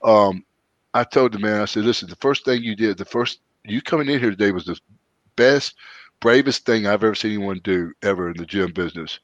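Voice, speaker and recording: A man chats casually as a podcast host and slides into loose, folksy stories. The audio is dry and a bit dull, like a low-fidelity recording. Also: fairly quick, no echo. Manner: folksy, rambling storyteller with lively quoted voices. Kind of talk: casual chat, storytelling.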